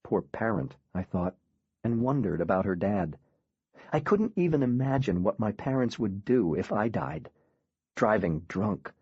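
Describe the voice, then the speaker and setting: A man reading a first-person audiobook in a quiet, grave, measured way. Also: fairly low pitch, expressive, slightly rough, dry recording, muffled recording. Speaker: audiobook narrator.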